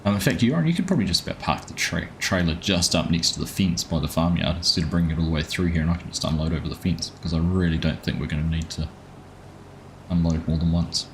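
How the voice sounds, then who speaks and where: Low-voiced guy streaming a farming game, chatty, says hi to everyone in chat, bit of faint hum behind. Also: fast talker. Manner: chatty, greets viewers by name between gameplay remarks. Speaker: live-stream host. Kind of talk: casual live-stream commentary.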